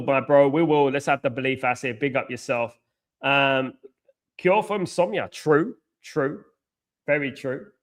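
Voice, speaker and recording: A young man hosts a live fan watchalong of a football match, chatting with viewers and reacting loudly as he swings from groans to shouts. His voice is mid-range.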